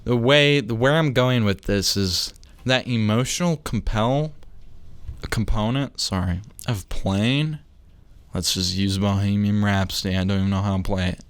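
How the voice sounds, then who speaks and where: A man's voice: lowish voice, unhurried, smooth, dry recording. A young man hosting a casual podcast, rambling and interrupting himself with jokes and lost trains of thought. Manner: rambling, self-interrupting, jokey. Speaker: podcast host.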